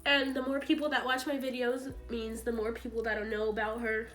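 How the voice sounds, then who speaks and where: In an emotional storytime vlog set to soft background music, a young woman with a slightly high, slightly bright voice and flat delivery talks at a normal speed. Through tears and a breaking voice, she rambles, fills her talk with "like" and acts out quoted conversations.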